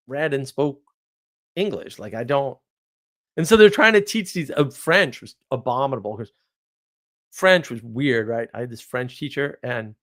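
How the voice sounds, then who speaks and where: An American man in his forties telling rambling stories in a casual monologue, sarcastic, with mock outrage and animated asides. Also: medium pitch. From United States. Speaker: podcast host.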